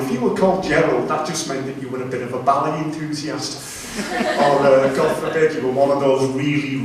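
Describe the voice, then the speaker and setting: A man's voice: mid-range voice, background noise. A man doing a rambling, self-deprecating stand-up routine on a comedy club stage. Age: 40s. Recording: very echoey room, from far off.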